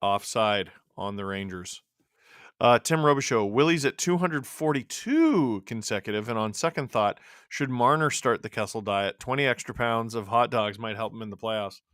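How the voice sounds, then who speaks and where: A man hosts a live stream, calling a hockey game casually and reacting to it as it unfolds. His bright, pushed-forward voice has deepened from long hours of talking. The sound is close and dry. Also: animated, moderate pace, dry recording. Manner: chatty, reacting to the game and chat as it happens. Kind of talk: casual live play-by-play and chat.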